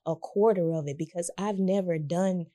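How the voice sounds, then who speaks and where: A woman telling a story in casual chat, animated and laughing often as she acts out what people said. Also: lowish voice, moderate pace.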